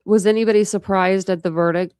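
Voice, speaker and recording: A woman's voice: medium pitch, fairly even intonation, fast, darkish tone, clean tone, no room sound, studio quality. A woman hosting a true crime channel, chatting casually and rambling to her live chat.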